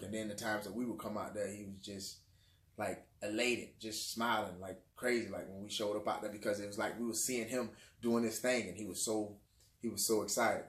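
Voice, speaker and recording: A man casually recounting childhood memories, rambling and repeating phrases, with informal dialect grammar. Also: on the low side. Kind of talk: casual spoken memoir. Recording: roomy echo.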